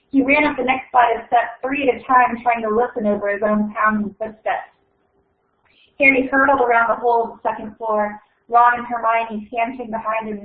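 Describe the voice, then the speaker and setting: A young woman hosting an online reading event and reading a story aloud, chatty and unhurried, with plenty of fillers. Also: fairly high pitch. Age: young adult. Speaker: event host and reader. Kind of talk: casual hosting and book reading. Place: at home on a video call. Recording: echoey tinny online call audio.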